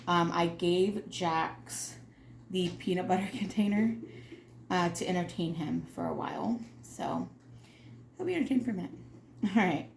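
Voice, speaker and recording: A woman's voice: fairly low pitch, animated, normal speed, gravelly, pauses often. A woman hosting a casual home cooking demonstration, chatty and self-deprecating, talking straight to her viewers. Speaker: cooking video host. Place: home kitchen. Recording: echoey kitchen with loud background noise.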